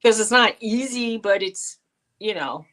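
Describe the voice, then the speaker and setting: A woman's voice: on the high side, unhurried, a bit bright, low-quality recording. A middle-aged woman co-hosting a casual live-stream chat, telling rambling stories and quoting the people in them. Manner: chatty storyteller, quotes people in her stories. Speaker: co-host.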